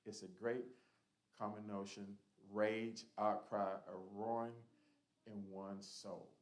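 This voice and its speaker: A man's voice: on the low side, little pitch movement, slow, rough recording. A man leading a church Bible study, teaching in an earnest, emphatic, conversational way.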